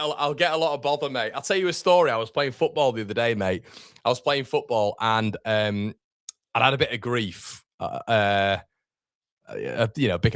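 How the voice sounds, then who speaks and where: A young man with a fairly bright, lowish voice hosts a live football watchalong, chatting casually with viewers, calling them mate, and reading out the chat. The sound is clean studio audio with no room echo.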